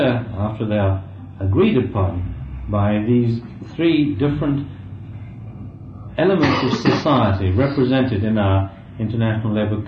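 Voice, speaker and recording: A man speaking as a labour organization official, explaining in a measured way and listing points with fillers. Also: fairly low pitch. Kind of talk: conversational explanation. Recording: tinny, echoey, with faint hiss.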